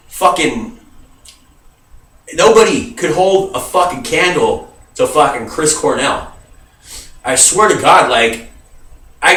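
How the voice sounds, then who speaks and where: Recorded from away from the mic with a roomy sound, this man's slightly high, somewhat bright voice carries an emotional rant to camera. He's a vlogger, grieving and agitated, who swears a lot, stresses his words hard and keeps addressing viewers as "dude."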